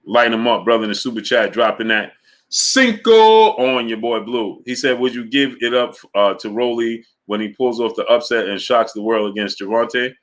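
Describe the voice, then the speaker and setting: A man running a live boxing talk stream with a bright, forceful voice. He keeps greeting viewers by name between points and pushes his pitch up when he argues a case. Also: moderate pace. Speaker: boxing talk show host. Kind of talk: live-stream chat reading super chats.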